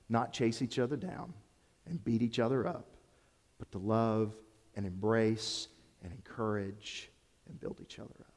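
A man's voice: on the low side, unhurried, darkish tone. A man preaching a sermon, telling a story with animation and speaking straight to the congregation. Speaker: pastor. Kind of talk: sermon with a told joke. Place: church sanctuary. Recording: echoey hall.

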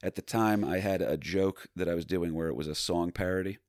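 Deep fast-talking comedian from New Jersey. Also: male voice, steady tone, darkish tone, no room sound, clean studio sound. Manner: fast rambling anecdotes, self-mocking. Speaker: stand-up comedian, podcast guest. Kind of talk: casual chat.

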